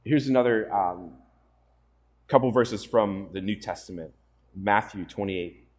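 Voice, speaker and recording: A man's voice: lowish voice, measured pace. A man preaching a sermon as pastor to a congregation, earnest and often putting questions to his listeners.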